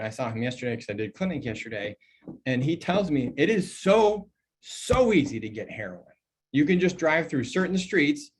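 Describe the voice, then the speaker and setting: Animated, chatty male doctor lecturing. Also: mid-range voice. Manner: conversational and animated, many fillers, mock dialogues in a put-on voice. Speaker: emergency physician and toxicologist presenting a training. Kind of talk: recorded medical training lecture.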